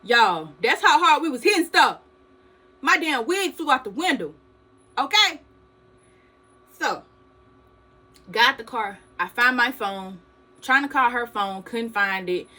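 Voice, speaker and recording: Bright-voiced woman telling a storytime. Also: a little high, a little slow, pauses often, low-quality recording. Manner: animated storytelling, addresses viewers as "y'all". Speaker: vlogger. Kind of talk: storytime vlog.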